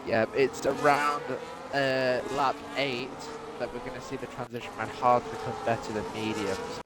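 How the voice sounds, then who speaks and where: A man's voice: mid-range voice, flat delivery, moderate pace, very noisy. A man co-commentating a sim race live, hesitant with frequent fillers.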